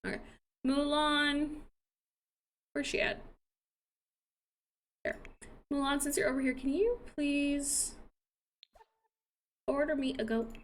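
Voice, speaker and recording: A young woman with a high, bright-toned voice commentates her game in a loose, chatty way. She laughs often and apologizes a lot to the characters on screen. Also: takes it slowly, long pauses. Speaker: gaming streamer.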